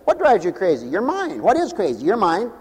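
High-voiced preacher in a reverberant hall. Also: male voice, fairly quick, husky. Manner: animated, joking, swings from loud to hushed. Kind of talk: sermon.

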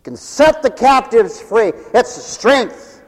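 A man preaching a revival sermon with fervent, rhythmic repetition, interjecting hallelujahs and swinging from ringing exclamations to low muttered asides. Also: sing-song, takes it slowly. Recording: long hall reverb.

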